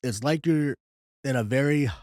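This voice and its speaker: A man with a mid-pitched, mellow voice co-hosts a podcast in casual chat. He reads documents aloud in a relaxed, unhurried way. The recording is dry and close. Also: no echo. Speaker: podcast co-host.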